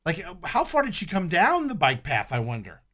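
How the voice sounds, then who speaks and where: A man's voice: sits high, wildly swooping pitch, brisk, pushed and bright. A man in casual chat who swears freely and laughs easily.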